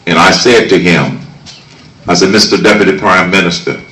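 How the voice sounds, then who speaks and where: A political candidate speaking at an outdoor campaign rally, emphatic and rousing, shouting his key lines. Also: sits low, moderate pace. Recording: echoey, distant mic, crowd noise. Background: crowd ambience.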